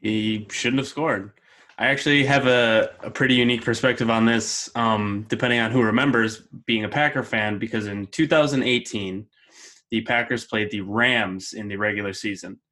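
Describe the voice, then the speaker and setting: A man co-hosting a casual sports chat, relaxed and laid-back, who laughs easily. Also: fairly low pitch, moderate pace. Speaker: sports podcast co-host.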